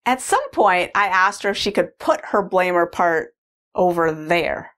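A woman's voice: fairly low pitch, lively intonation, measured pace, a bit bright. A middle-aged mother telling a personal story in a casual, rambling way, full of "like" fillers. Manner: rambling, heavy use of "like" fillers.

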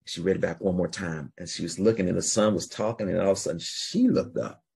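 Husky man telling a story casually. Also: low-pitched, fast, a little mellow. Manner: rambling, restarts, swears freely. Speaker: podcast host.

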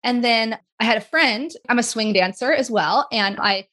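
A woman in her forties, a guest in an interview, talking casually and chattily with quick asides. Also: a little high, bright, forceful tone. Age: 40s.

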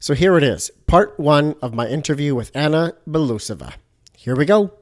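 A man's voice: on the high side, lively intonation, normal speed, over loud music. Upbeat male podcast host. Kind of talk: casual interview.

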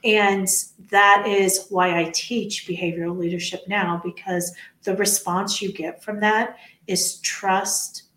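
A woman's voice: mid-range voice, slow pace, few pauses, slight background noise. Earnest woman in an echoey room. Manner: earnest, repetitive emphasis, animated quoting. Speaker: leadership coach, former HR professional. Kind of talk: conversational podcast chat.

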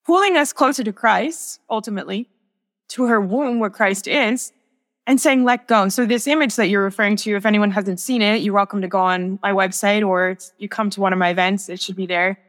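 A woman's voice: mid-range voice, brisk, fairly bright tone, big-room sound. A young woman, a sacred artist, speaking as a guest in a podcast interview, telling a personal faith story in an earnest, reflective way with many restarts.

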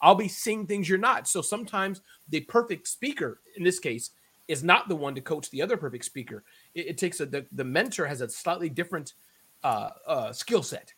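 A man's voice: on the high side, expressive, normal speed, fairly bright tone, husky. A man around fifty, a podcast guest talking animatedly in a casual interview, often repeating words as he builds a point. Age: 50s.

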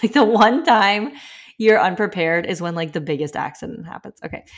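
A woman in her thirties hosting a casual podcast, reading listener stories aloud with chatty asides and frequent laughter. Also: medium pitch. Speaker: podcast host.

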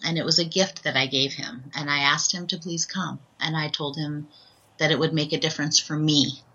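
A woman with a low voice that still comes across bright and forceful shares a heartfelt personal story as a podcast guest. Her tone is slightly husky, and she speaks earnestly, often pausing to ask "right?". The recording sounds dull and lo-fi. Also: steady tone. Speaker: guest, author and transformational speaker.

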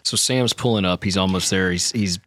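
A man with a very low voice who hosts an interview, chiming in with quick agreements and recaps of the guest's story. His voice sounds dry and close to the mic. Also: a bit bright, dry recording. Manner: backchannels and sums up the guest's story. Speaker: podcast host. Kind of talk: conversational interview.

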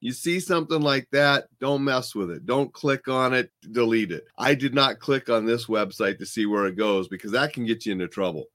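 A man's voice: mid-range voice, normal speed, few pauses, a bit bright. Plainspoken man chatting casually. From Montana, United States. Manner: plainspoken, blunt, chatty storytelling. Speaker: host. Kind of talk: casual chat. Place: home desk.

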